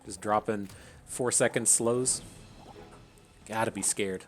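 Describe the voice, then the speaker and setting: A man's voice: on the low side, fairly even intonation, slow pace, a little hiss or hum. A man hosting his gaming channel, thinking aloud in chatty, casual commentary and laughing at his own tangents.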